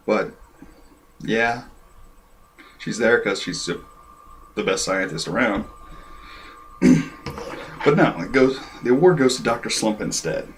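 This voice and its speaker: A man giving a casual, rambling review of an anime episode and clearing his throat often. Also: fairly low pitch, a little hiss or hum.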